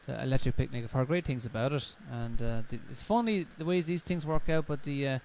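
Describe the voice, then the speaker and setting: A man hosting a radio show, talking in a relaxed, rambling way with many fillers. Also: medium pitch, a little fast, slight background noise, rough recording. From Ireland. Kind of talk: casual chat.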